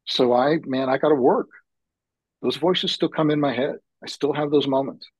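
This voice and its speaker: A man's voice: mid-range voice, husky, no echo, poor audio. A man guesting on a podcast and telling heartfelt, reflective stories from his work as a men's retreat facilitator. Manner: reflective, heartfelt, slow-building. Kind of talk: earnest personal storytelling.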